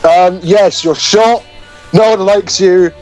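Man, podcast co-host, teasing banter, high bouncy voice, faint music behind. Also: steady tone, slow pace, poor audio. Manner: teasing, mocking.

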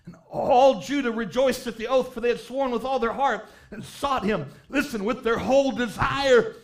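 A male preacher with a strikingly high voice delivers a revival sermon in church. He reads old-style scripture aloud and builds fervently until he is shouting key lines. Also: normal speed.

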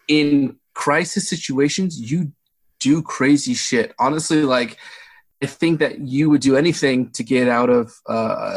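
A man's voice: mid-range voice, husky. Laid-back young man retelling movie scenes. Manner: laughing, animated retelling of scenes. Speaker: podcast co-host. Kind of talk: casual movie review chat.

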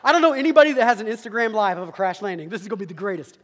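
A man with a high voice tells a funny story from the pulpit at a rapid clip. His animated delivery is full of asides to the listeners, and his voice rings with the long reverb of a big hall. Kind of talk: humorous sermon story.

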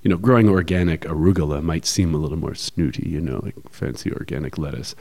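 A man's voice: very deep voice, fast talker, a little mellow. A man co-hosting a podcast, explaining ideas in a casual discussion, thoughtful and full of fillers. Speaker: podcast co-host.

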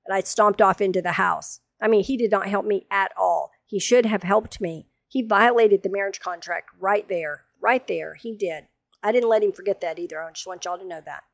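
A woman in her sixties, telling a funny personal story to her regular listeners in a lively, dramatic way. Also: medium pitch, normal speed, creaky, no room sound, clean studio sound. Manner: animated, dramatic, humorous retelling. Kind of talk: casual storytelling monologue.

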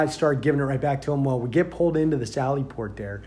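A man who works as a deputy, telling a story in a casual, rambling way with many fillers and growing loud and animated as he goes. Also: medium pitch, fast talker. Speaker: sheriff's deputy.

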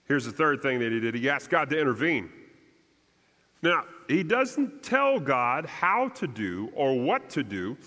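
A man preaching a sermon as pastor, measured and deliberate, his voice rising for emphasis and sinking soft at the ends of lines. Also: mid-range voice, expressive, in a large hall.

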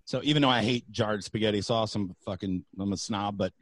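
A man's voice: on the low side, a little fast, dry recording. Middle-aged male comic, swears freely, tells his stories big, close and dry mic. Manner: profane, animated anecdotes with loud acted-out outbursts. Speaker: comedian and radio host. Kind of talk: casual podcast storytelling.

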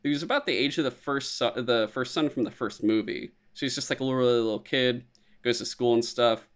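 A man's voice: mid-range voice, a little fast. A man talking casually on a podcast, recapping films with lots of energy. He swears freely and drops into silly voices whenever he quotes someone. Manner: animated, profane, acts out quotes in silly voices. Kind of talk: casual chat.

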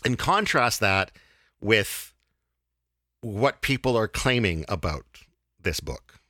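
Low-voiced guy hosting a podcast, bouncy intonation, bright tone, dry close mic, lots of ums. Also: animated, no echo. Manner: halting, many fillers and restarts. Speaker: podcast host. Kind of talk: casual podcast chat.

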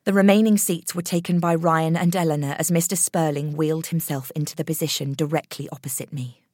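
A woman narrating a horror story in a measured, expressive reading voice. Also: low voice, dry recording, studio quality.

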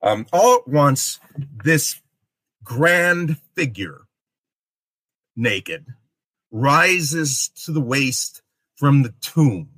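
Slow, forceful male lecturer. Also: mid-range voice, animated, dry recording. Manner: deliberate, checks in with "okay?" and "um". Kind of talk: literature lecture.

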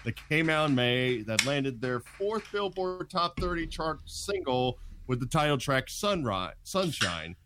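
A man's voice: a little high, big pitch swings, unhurried, few pauses, background noise. A man from Georgia co-hosting a casual podcast, making dry jokes and reading guest introductions with a few stumbles. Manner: dry joking, reads introductions stumbling over names. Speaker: podcast co-host.

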